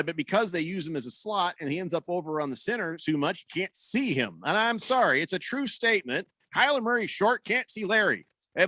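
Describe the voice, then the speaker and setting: Animated, ranting sports radio man. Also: a little high, no room sound. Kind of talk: sports talk radio banter.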